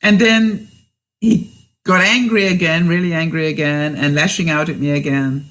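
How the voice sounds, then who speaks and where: A woman vlogger answers live viewers in a casual livestream, telling a story, laughing often and asking what they think. Her voice is low and steady at a moderate pace, a bit bright, though the audio is poor.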